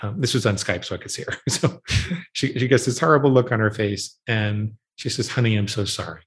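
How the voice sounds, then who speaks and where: Earnest fifties man, interview guest, mid-pitched, repeats himself for emphasis. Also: fairly quick. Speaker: guest, researcher on eating habits. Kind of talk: storytelling interview answers.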